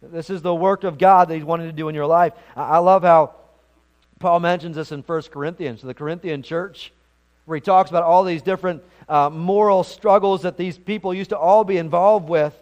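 A man's voice: fairly high pitch, steady tone, brisk, darkish tone, lo-fi sound. A man preaching a sermon as pastor, earnest and emphatic, often repeating words as he goes.

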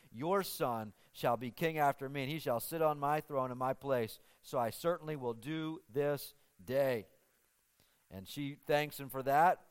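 A man delivers a sermon, walking through scripture in an easy, conversational manner with frequent ums and restarts. His voice sits a little high for a man and sounds smooth and clear. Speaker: preacher.

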